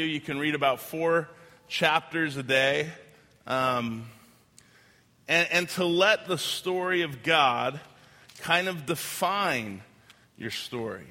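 Man preaching, fairly high and bright voice, chatty and joking, long reverb of a big hall. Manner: conversational and joking, with many "like" fillers. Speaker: pastor. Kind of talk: sermon.

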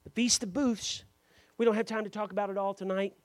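This preacher's high, steady voice moves fairly quickly as he addresses the congregation, beginning with quiet explanation before building to loud, fervent preaching in which he names members aloud. There's no echo in the church recording.

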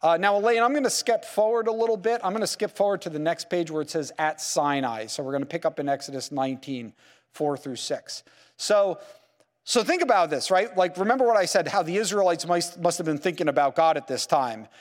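A man leads a Bible lecture in a room with slides, his voice pitched high for a man. He keeps the class engaged with rhetorical questions and frequent checks of "okay?" and "right?". A long hall reverb trails his words. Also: fairly quick. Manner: peppers sentences with "okay?" and "right?". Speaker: Bible teacher.

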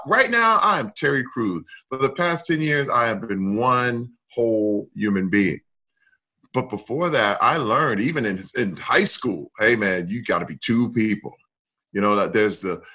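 A middle-aged man talking candidly in a conversation, emphatic and expressive, moving between loud and soft. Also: mid-range voice. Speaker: guest.

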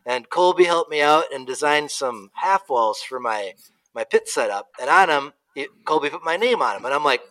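A man's voice: fairly high pitch, expressive, normal speed, sharp tone, poor audio. A man co-hosting a podcast in a casual, self-deprecating way. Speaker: podcast co-host.

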